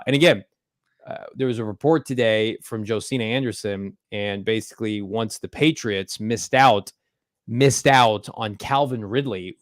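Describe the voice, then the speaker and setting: A man's voice: lowish voice, dry recording, studio quality. Emphatic man hosting a sports podcast. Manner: emphatic, opinionated, punchy delivery. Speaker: podcast host. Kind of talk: casual sports podcast chat.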